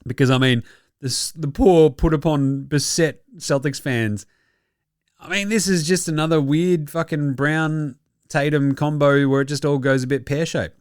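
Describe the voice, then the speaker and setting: A man's voice: a little high, measured pace, smooth, dry recording, clean studio sound. A young adult man with an Australian accent hosting a casual basketball commentary show, mocking and swearing freely with frequent chuckles. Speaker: basketball podcast host.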